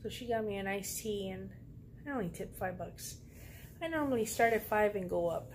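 A woman's voice: medium pitch, normal speed, slight background noise. A woman vlogger telling a story in a casual way, sassy and full of slang. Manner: sassy, slangy, animated retelling.

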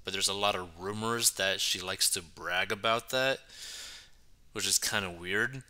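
A man giving casual, chatty commentary, peppering his talk with "right" and "like". His voice is strikingly bright and crisp, sitting slightly low in pitch. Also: a little slow. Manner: chatty, keeps saying right and like. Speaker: commentary channel host. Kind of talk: casual commentary reading news.

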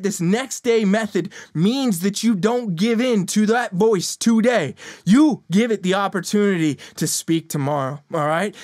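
A man's voice: sits high, dry recording, clean studio sound. A man hosting a motivational fitness podcast, with a blunt, profane, fired-up delivery that keeps repeating its points. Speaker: fitness coach and podcast host.

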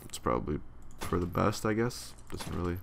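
Low gravelly young man grumbling over gameplay. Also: animated, normal speed, a little hiss or hum. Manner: profane, grumbling, sarcastic. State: yawning, tired. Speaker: let's play commentator. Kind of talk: casual gameplay commentary.

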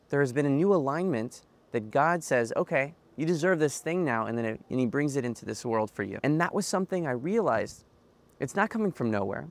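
A young man talking earnestly to camera in a reflective vlog monologue, often repeating phrases for emphasis. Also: medium pitch. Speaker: self-help vlogger.

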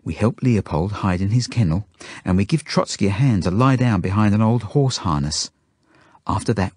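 Husky, expressive male storybook reader. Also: on the low side, no room sound, studio quality. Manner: expressive, dropping to hushed tones. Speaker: audiobook reader. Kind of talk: first-person storybook narration.

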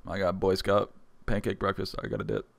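A man's voice: fairly low pitch, little pitch movement, fairly quick, creaky. A young man hosting a gaming video, joking and trash-talking with teammates over voice chat on a headset mic. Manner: teasing, trash-talking, bursts of laughter.

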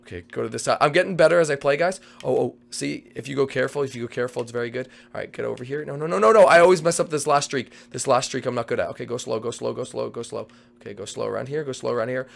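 A young man hosting a Minecraft race role-play, excitable and shouty, switching between characters. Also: mid-range voice, racing, creaky. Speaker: game host.

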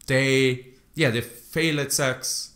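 A man chats casually as a podcast host, wandering through his points with a joking tone. His sentences often trail off and circle back before he lands them. He sits at a comfortable middle pitch for a man. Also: steady tone, slow, a bit bright. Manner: rambling and jokey, often trailing off. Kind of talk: casual chat.

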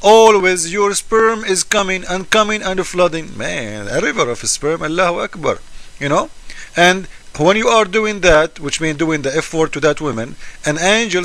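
A man mocks what he is commenting on, his pitch swinging widely with sarcasm and disbelief. He often stumbles into strings of repeated words. His voice sits a little above the usual male range. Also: expressive, normal speed, fairly bright tone. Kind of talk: mocking commentary video.

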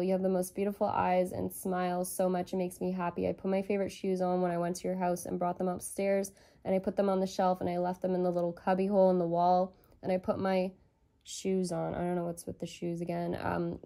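A woman's voice: lowish voice, warm tone. A woman giving a channeled tarot reading, rambling and tentative as she thinks aloud. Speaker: tarot reader.

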